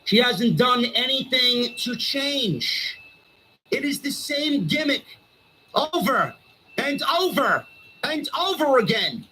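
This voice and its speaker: A man's voice: extremely high pitch, big pitch swings, slow pace, pushed and bright, a little hiss or hum, poor audio. A male streamer delivering a heated, sarcastic wrestling rant full of swearing.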